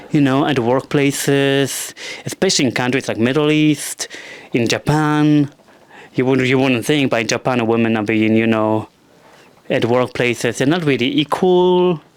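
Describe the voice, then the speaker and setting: A young man with a non-native English accent doing a rambling, self-deprecating stand-up comedy monologue. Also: mid-range voice.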